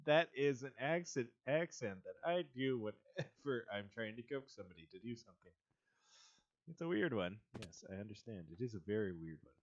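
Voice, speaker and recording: A man's voice: mid-range voice, lively intonation, moderate pace, no echo, dull audio. A man streaming a block-building game, rambling in a self-amused way and chatting to the creatures he meets. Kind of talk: casual gameplay commentary.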